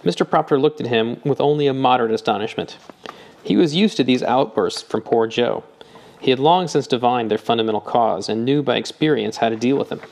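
A man narrating a novel in a measured, even audiobook reading. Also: mid-range voice. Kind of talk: scripted narration.

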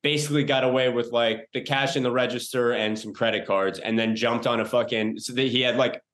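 A man's voice: medium pitch, fairly even intonation, fairly quick, a bit bright. A man in his thirties hosting a podcast, talking loosely with lots of fillers and casual swearing. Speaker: podcast host. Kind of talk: casual chat.

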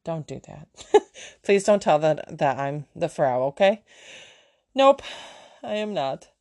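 A chatty woman in her thirties hosts a podcast from home with her kids nearby, cracking self-mocking jokes. Her voice sits on the low side, and a sore mouth leaves her words a touch slurred. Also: lively intonation, slow pace, a little mellow. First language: German. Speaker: podcast host. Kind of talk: casual solo podcast storytelling.

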